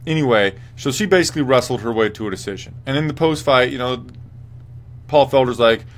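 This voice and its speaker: A man's voice: mid-range voice, fairly quick. A young man hosts a casual fight recap in a rambling, profane way. He swears freely and keeps answering viewer chat as he goes. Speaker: host. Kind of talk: casual MMA post-fight commentary.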